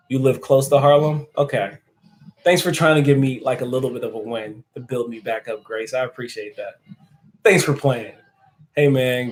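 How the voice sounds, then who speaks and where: A man's voice: medium pitch, slight background noise, poor audio. A man hosting a casual live stream who answers viewer comments and laughs often. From United States. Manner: chatty and joking, laughs often.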